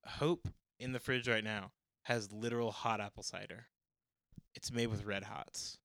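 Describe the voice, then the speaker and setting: Bright-voiced joking man. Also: lowish voice, fairly even intonation, unhurried, creaky, no room sound. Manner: goofy, jokey, bursts into loud silly singing. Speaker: podcast co-host. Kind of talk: casual banter.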